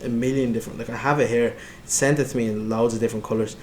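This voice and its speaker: A young Irish man in loose, casual chat, his speech full of likes and the odd curse. His voice is mid-pitched, and the room around him rings with echo. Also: fairly even intonation, fast, slight background noise. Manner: casual, swears freely, lots of likes. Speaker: podcast guest. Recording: echoey room.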